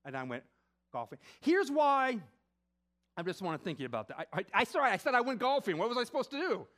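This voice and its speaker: A middle-aged man preaching a conversational sermon, telling a personal story with animated asides. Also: very high voice, fast. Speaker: pastor.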